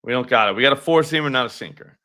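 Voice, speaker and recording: Male stream host, bright voice, casual and salty, banters with the chat. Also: medium pitch, racing. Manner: loose, profane, talks to chat viewers. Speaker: sports betting show host.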